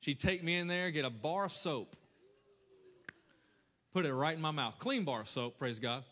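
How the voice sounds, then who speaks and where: A man preaching a lively, conversational sermon as a pastor, talking straight to his congregation. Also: fairly high pitch, moderate pace. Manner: energetic, conversational preaching with audience call-outs. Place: large church hall. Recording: echoey church hall with long reverb.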